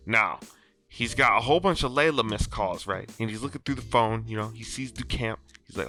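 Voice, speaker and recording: Bright-voiced man recapping with slang. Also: on the low side. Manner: animated retelling with slang. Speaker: podcast host. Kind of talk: casual episode recap.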